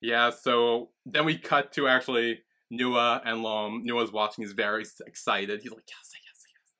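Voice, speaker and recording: A man's voice: medium pitch, level tone, normal speed, sharp tone. A man co-hosting a podcast in casual chat, recapping scenes and swearing casually. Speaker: podcast co-host.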